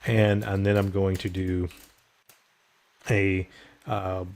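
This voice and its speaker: A man's voice: low-pitched, level tone, takes it slowly, darkish tone. A middle-aged man teaching programming, walking through code step by step with frequent filler words. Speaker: programming instructor. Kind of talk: screen-recorded coding tutorial.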